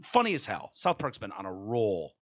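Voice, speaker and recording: A man hosting a podcast in casual, opinionated chat, animated and quick to act out bits, in slightly muffled audio. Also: fairly low pitch. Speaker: podcast host.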